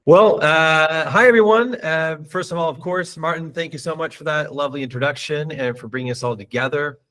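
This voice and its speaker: A man who works as a motion designer, opening a conference talk in a polite, measured way with some fillers. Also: fairly high pitch, a bit bright.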